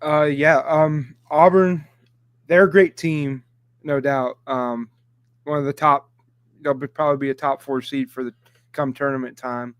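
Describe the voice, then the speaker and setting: A young man co-hosts a casual sports chat on a live stream. His voice is smooth and resonant, recorded dry and close. He talks hesitantly, with frequent ums. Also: mid-range voice, steady tone, measured pace, no room sound. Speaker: co-host.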